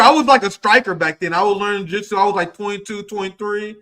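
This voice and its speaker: Brief: man, 30s, very high voice, profane combative streamer rant, loud bursts and quiet asides. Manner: quick swings between loud outbursts and low asides. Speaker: political streamer. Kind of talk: heated political commentary.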